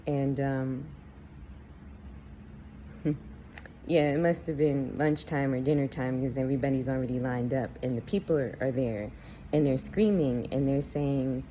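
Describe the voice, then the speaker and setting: A woman's voice: rumbling low, steady tone, measured pace, pauses often, mellow, slight background noise, rough recording. A woman candidly telling a personal story to camera, blunt and swearing freely, with laughs between lines. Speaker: vlogger.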